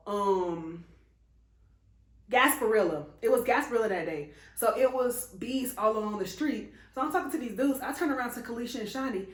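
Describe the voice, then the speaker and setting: A woman's voice: on the high side, expressive, normal speed. A young adult woman telling a casual, profane story to her viewers as a vlogger, laughing often as she talks. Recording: echoey room.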